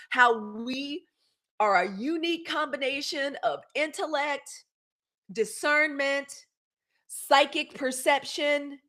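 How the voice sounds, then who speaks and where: A woman in her forties hosting a livestream, talking candidly and emphatically straight to her audience, shouting out viewers by name and swearing, then apologizing for it. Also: high voice. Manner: greets viewers by name and thanks them for gifts. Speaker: host. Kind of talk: solo livestream commentary.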